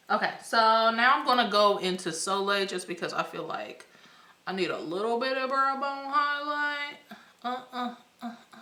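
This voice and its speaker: A young woman filming a casual makeup tutorial, chatty and slangy with excited exclamations. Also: on the high side, normal speed. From United States. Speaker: beauty vlogger. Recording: echoey room.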